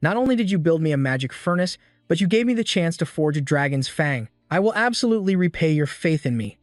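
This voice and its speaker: A man's voice: a little high, expressive, quick pace, no echo, studio quality, faint music behind, close to an everyday voice. Passionate male smith, read by a male narrator, fervent and earnest. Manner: fervent, emotional. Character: passionate male master blacksmith, emotional.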